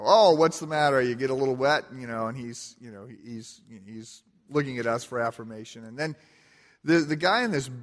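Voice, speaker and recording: A pastor preaching a sermon, with conversational storytelling and self-deprecating humor. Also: male voice, mid-range voice, fairly bright tone. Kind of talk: sermon opening with a personal story. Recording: long reverb of a large hall.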